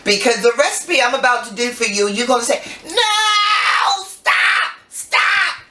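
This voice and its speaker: A woman's voice: a little high, quick pace, fairly bright tone, slight background noise. An older woman hosting a home cooking show, chatty and playful, telling folksy stories as she bakes. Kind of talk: casual cooking demonstration. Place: home kitchen. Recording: roomy kitchen, mic at a distance.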